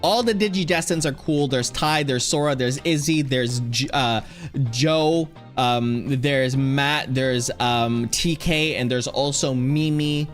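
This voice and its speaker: A man's voice: mid-range voice, slow pace, soft background music. A man streamer chatting casually and rambling, often restarting his sentences. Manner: rambling, with many restarts and fillers. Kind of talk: casual chat.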